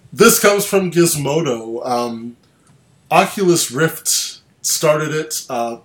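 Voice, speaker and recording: A man's voice: medium pitch, echoey room. A man hosting a casual online chat, rambling with restarts and sardonic asides. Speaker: podcast host. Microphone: online call.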